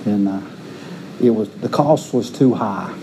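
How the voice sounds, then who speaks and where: A man's voice: lowish voice, a little slow, mellow, slight background noise, low-quality recording. A middle-aged man preaching a sermon, earnest and given to repeating words as he restarts his phrases. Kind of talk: sermon with personal stories.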